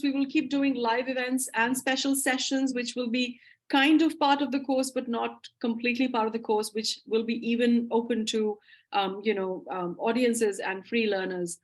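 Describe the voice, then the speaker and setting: A woman co-hosting a live online English class, talking in a chatty, friendly way with filler words. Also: fairly high pitch. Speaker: co-host and English instructor.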